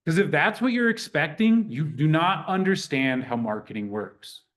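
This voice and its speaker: A man teaching a real estate class in a lively, conversational way, acting out sample phone calls. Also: on the high side, moderate pace. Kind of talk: teaching a live workshop.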